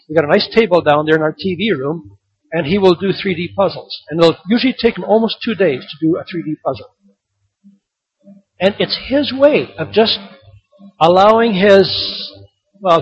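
A man's voice: sits high, slightly rough, muffled recording. A man in his sixties preaching a sermon, firing rhetorical questions and building to emphatic peaks. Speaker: pastor.

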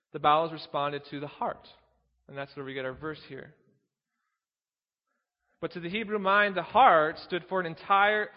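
Guy preaching a sermon, kinda high voice, echoey hall, muffled lo-fi sound. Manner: earnest teaching, reads scripture aloud, asks rhetorical questions.

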